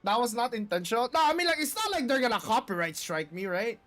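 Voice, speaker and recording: A streamer reacting loosely and excitably during a live card game stream, swearing freely. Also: mid-range voice, fast. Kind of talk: casual live-stream commentary.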